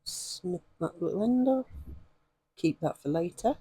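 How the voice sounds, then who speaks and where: A woman with a hoarse voice, chatting and rambling with many ums as she demonstrates stitching in a craft vlog. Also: lowish voice, expressive, a little slow, dark tone, dry recording. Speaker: craft vlogger.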